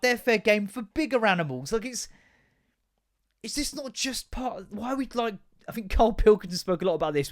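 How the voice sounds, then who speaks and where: A man's voice: sits high, no room sound, studio quality. A young man hosting a podcast, ranting casually and swearing a lot as he rambles between asides. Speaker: podcast host. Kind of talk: casual comedic rant.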